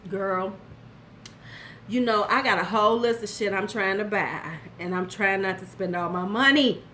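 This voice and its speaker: An older woman does a casual commentary vlog about beauty, handing out blunt, sassy advice straight to the viewer and occasionally answering chat. Her medium-pitched voice sounds pushed and bright at a normal speed, with a little hiss or hum.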